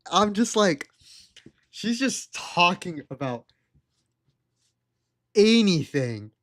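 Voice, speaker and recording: A man's voice: high voice, big pitch swings, extremely slow, fairly bright tone. Young man rambling through a story. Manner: rambling, laughs at own story. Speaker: streamer. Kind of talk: casual storytelling on a live stream.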